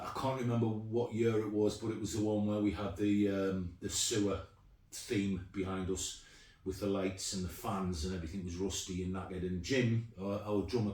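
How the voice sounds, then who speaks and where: A man's voice: fairly low pitch, a little mellow. A middle-aged man, chatting casually and rambling with plenty of ums as he shows off his guitars. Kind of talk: casual show-and-tell. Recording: echoey room, mic at a distance.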